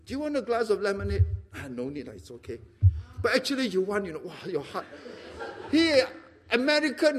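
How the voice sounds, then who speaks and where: Animated high-voiced preacher. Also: male voice. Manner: animated, acts out little dialogues, laughs often. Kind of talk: sermon.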